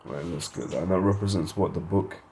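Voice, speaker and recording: A man's voice: sits low, fairly quick, dark tone, a little hiss or hum. A man giving an informal Bible study lesson, reading verses and word definitions aloud, thinking aloud and correcting himself as he goes. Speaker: Bible teacher.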